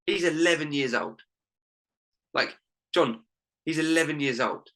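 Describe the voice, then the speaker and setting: A man's voice: fairly high pitch, measured pace, fairly bright tone, poor audio. A young man, a life coach and podcast guest, telling a heartfelt personal story in an earnest way, full of "literally" and "like".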